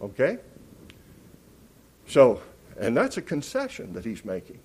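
A man's voice: mid-range voice, huge pitch swings, measured pace, slightly rough. Emphatic man preaching a sermon. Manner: emphatic, rising loud on key words; teacherly, asks and answers questions.

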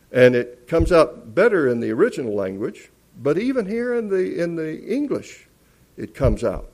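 A man preaching a sermon, emphatic and teacherly, asking questions and answering them. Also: on the high side. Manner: emphatic, rising loud on key words.

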